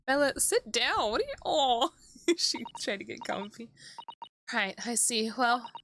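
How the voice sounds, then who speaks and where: A woman streaming a game, reading its dialogue and reacting, excitable and giggly, sometimes swearing. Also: on the high side, unhurried, background noise. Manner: excitable and giggly, swears, talks to her dog. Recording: clear background music.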